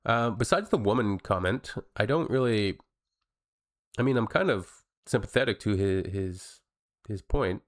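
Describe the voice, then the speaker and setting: Blunt, chatty man with a lowish voice. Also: lively intonation, a little slow. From Canada. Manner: blunt, chatty, addresses viewers. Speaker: reaction video host. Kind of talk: casual reaction commentary.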